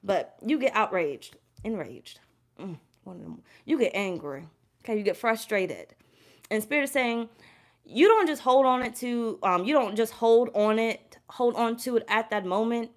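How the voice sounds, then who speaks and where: A woman's voice: on the high side, lively intonation, moderate pace. A woman doing a casual live tarot reading, talking in a loose, rambling way with heavy cursing and lots of repetition, stopping to greet her chat. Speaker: tarot reader.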